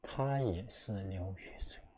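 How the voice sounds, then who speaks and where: Slow, halting Chinese-accented male teacher. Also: deep voice, mellow, slightly rough. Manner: halting, with many fillers and restarts. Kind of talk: casual spoken lesson.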